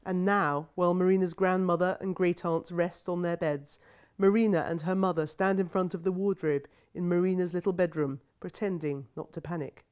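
A woman novelist reading her own book aloud, measured and wry. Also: on the low side, steady tone, darkish tone, clear, resonant tone.

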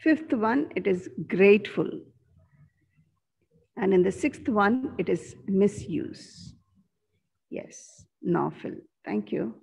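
A woman teacher, giving an online class from a school corridor, slowly repeating answers and spelling out words. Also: medium pitch, animated, gravelly, darkish tone, husky. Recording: dull lo-fi sound.

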